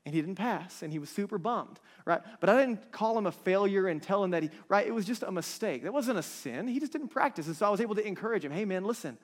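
Guy in his 30s preaching, high voice, keeps asking the crowd if they're with him, big echoey hall. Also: lively intonation, quick pace, hardly any pauses. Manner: conversational, keeps checking in with the crowd. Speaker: pastor. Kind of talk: sermon. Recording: long reverb of a large hall.

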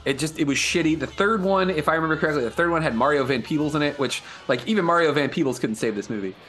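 A man's voice: fairly high pitch, fast talker, a bit bright. A man co-hosting a podcast in casual chat, swearing often and laughing a lot. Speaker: podcast co-host.

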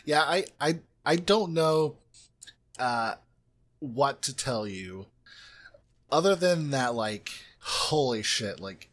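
A man's voice: medium pitch, animated, a bit bright. A man from the United States in casual film-review chat, swearing and often breaking off with "like". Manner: sweary, halting, lots of "like". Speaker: podcast co-host.

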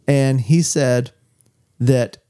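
A man's voice: mid-range voice, steady tone, drawn-out words, mellow, clean tone. A man co-hosting a casual faith discussion, telling stories and reflecting. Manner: storytelling, reflective. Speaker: co-host of a church talk show.

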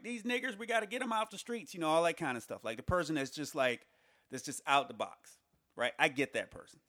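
A man's voice: medium pitch, sharp tone, no room sound. Man musing aloud, dry close sound. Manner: rhetorical, questioning, halting restarts. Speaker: commentator on society. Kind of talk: casual spoken monologue.

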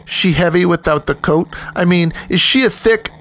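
A man plays a cocky young street punk who sneers at everything. His voice is lifted higher and louder than the reader's own. He delivers each line with mockery. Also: animated, moderate pace, breathy edge. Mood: mocking. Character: wary young male street punk, snickering.

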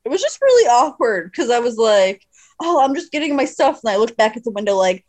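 A woman's voice: on the high side, brisk. A woman co-hosting a casual podcast from home on a laptop mic, telling stories with lots of giggles. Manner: giggly, animated storyteller. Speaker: podcast co-host. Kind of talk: casual chat, storytelling.

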